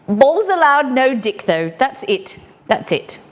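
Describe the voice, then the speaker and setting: A woman's voice: high-pitched, very animated, takes it slowly. An English woman hosting a casual live cooking stream from her home kitchen, chatty and rambling with cheeky asides. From England.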